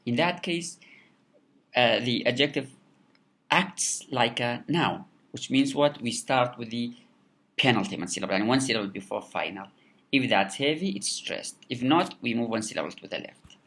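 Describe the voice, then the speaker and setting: A man giving a recorded lecture, halting with many fillers and repeated words. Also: mid-range voice, lively intonation, fairly bright tone. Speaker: English lecturer.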